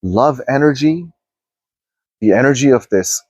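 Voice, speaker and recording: A man talking slowly and softly as a spiritual teacher, guiding listeners through a meditation with sighs and repeated phrases. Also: medium pitch, lively intonation, husky, no room sound. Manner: slow, hushed and drifting, with sighs and repeated phrases. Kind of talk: guided meditation talk.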